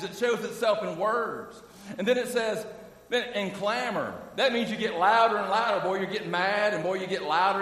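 High-voiced preacher in an echoey hall. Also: male voice, a bit bright, distant mic. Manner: emphatic preaching, frequent "amen?" and "listen" asides. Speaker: pastor. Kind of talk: sermon. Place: church sanctuary.

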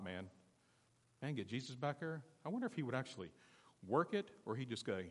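A man preaching a sermon to his church, asking the congregation questions and swinging between quiet and loud passages. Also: mid-range voice, big-room sound. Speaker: pastor. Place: church sanctuary.

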